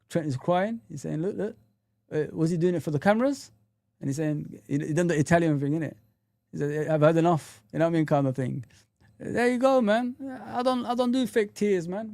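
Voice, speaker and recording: A man's voice: fairly high pitch, dark tone, dry recording, clean studio sound. A young man hosting a casual livestream, reading viewer comments and chatting loosely with slang. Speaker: livestream host. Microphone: streaming setup mic.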